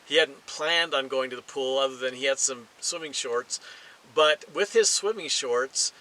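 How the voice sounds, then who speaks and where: A middle-aged man preaching a sermon, emphatic and deliberate, slowing down to stress key phrases. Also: medium pitch, pushed and bright, poor audio. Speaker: pastor.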